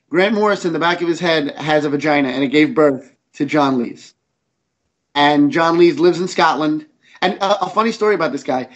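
A man's voice: fairly high pitch, dull audio. A man who creates comic books, chatting as a podcast guest, rambling and enthusiastic, with many restarts. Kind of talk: casual interview chat.

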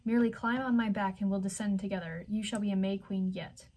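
A woman voicing a cruel, rotting water-horse spirit in a video game, with a low rasping voice. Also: steady tone, fast talker, a little mellow, close to an everyday voice. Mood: solemn, coaxing.

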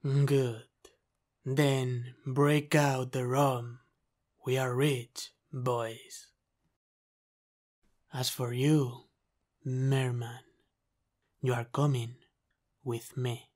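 A man's voice: medium pitch, level tone, darkish tone. A man voicing a commanding male pirate captain, stern yet protective, in an ASMR role-play. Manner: slow, measured, authoritative delivery.

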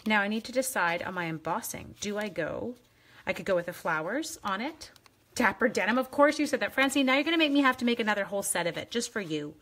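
A woman's voice: medium pitch, expressive, quick pace, a bit bright. A woman hosting a live craft demonstration, chatting playfully with viewers and teasing herself as she works. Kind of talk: casual live craft demo.

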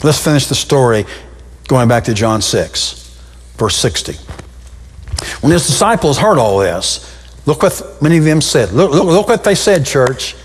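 A male pastor preaching a sermon, his voice leaping up and dropping low with sudden changes of pace. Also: big pitch swings, a little slow, long pauses, husky. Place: church sanctuary. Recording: long reverb of a church hall.

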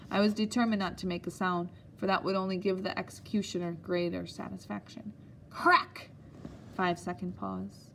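A woman narrating an audiobook in a steady, measured storytelling manner. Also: on the low side, vocal fry, a little hiss or hum.

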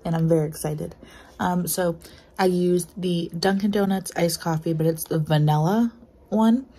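Bubbly rambling woman vlogger, mellow voice. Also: lowish voice, moderate pace, breathy edge, poor audio. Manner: bubbly, rambling, many fillers. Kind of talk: casual vlog chat. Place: at home, indoors.

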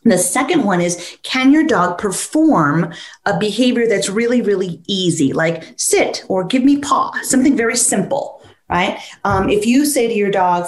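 A woman dog trainer, a guest on a podcast, explaining training with animated stories and acting out her dog's thoughts. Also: mid-range voice, normal speed, roomy sound. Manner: animated storyteller who acts out the dog's thoughts in quoted voices. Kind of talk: conversational interview, explaining with stories.

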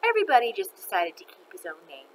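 A woman reading a children's book aloud in an expressive, animated way. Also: mid-range voice, quick pace, slight background noise, poor audio. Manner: expressive, animated, laughs between lines. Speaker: storyteller.

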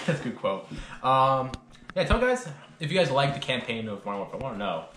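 A young man chats with friends for a casual vlog in his bedroom, meandering, cursing and laughing often. His mid-range voice swings widely in pitch and sounds brisk and fairly bright, recorded in an echoey room with faint noise.

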